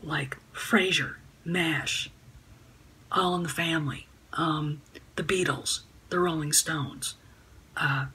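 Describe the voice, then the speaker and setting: A woman's voice: low-pitched, steady tone, takes it slowly, sharp tone, a little hiss or hum, poor audio. A woman talking to camera at home in a casual vlog, rambling and indignant, with many fillers and restarts. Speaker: YouTube vlogger. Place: home room by a sunny window.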